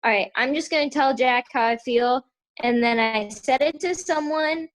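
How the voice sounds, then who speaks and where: A woman's voice: high voice, moderate pace. A woman in a casual faith chat, speaking hesitantly with many fillers. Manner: hesitant, lots of likes and ums.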